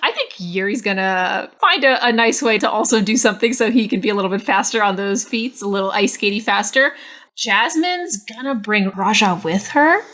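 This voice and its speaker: A woman's voice: medium pitch, animated, moderate pace, fairly bright tone. A woman co-hosting a podcast in casual chat, brash and laughing, swearing freely. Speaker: podcast co-host.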